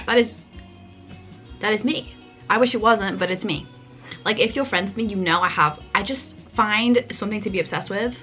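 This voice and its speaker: A woman's voice: medium pitch, a bit bright. A woman with a mild Liverpool accent chatting casually in a vlog, self-mocking and full of "like". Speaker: vlogger.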